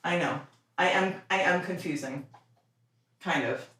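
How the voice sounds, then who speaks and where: Speaking unhurriedly in a lowish, slightly bright voice, a young woman hosts a stream from her home. She keeps the chat casual while giving her dog playful, coaxing commands as she trains it.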